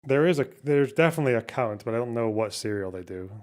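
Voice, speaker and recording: Talking fast in a slightly mellow, medium-pitched voice, this livestream host reacts to his chat and to clips with animated disbelief. He curses and keeps restarting his thoughts mid-sentence in a relaxed, conversational way.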